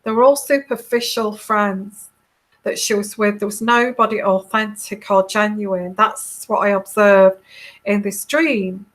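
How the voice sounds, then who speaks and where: A woman from the UK who reads tarot, recounting a dream in a soft, calm voice, hesitant and full of fillers and restarts. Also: medium pitch, measured pace. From United Kingdom. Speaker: intuitive tarot reader. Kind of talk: casual monologue recounting a dream.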